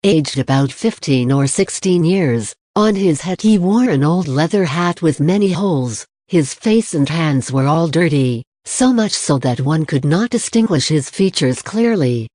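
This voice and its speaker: A calm audiobook narrator reading a novel in measured, steady storytelling. The voice is mellow and warm-toned. It sits close and dry, with no room sound. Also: mid-range voice, dry recording. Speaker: audiobook reader.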